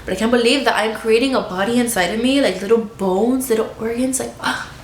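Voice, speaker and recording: A woman vlogging to the camera at home, chatty and expressive, laughing often. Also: on the high side, brisk, echoey room, a little hiss or hum. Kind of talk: casual chat to camera. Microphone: camera in front of her.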